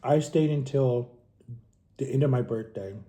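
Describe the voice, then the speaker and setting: A man in his thirties from Florida eats on camera as he vlogs, speaking a little slowly in a mellow, medium-pitched voice. His candid, rambling story comes with frequent self-corrections.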